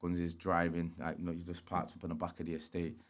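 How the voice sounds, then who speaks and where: A man's voice: low voice, completely flat delivery, fast talker. A man, a guest telling street stories in a slangy, swearing style and acting out quotes. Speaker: interview guest. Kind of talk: casual storytelling.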